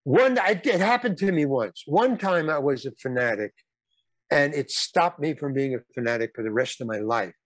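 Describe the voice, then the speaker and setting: An older man, a guest, telling stories in casual talk, rambling and halting with lots of restarts. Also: fairly high pitch, lively intonation, no echo. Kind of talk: casual storytelling.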